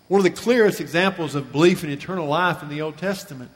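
A man with a high, light voice delivers a sermon from the pulpit. His speech rings out with the long reverb of a large hall. He retells the scripture story earnestly, slowing and softening on the grief-filled parts. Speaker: pastor.

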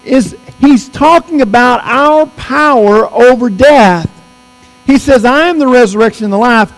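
A man preaching a sermon, emphatic, stretching out key words for stress. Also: extremely high pitch. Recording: long reverb, mains hum.

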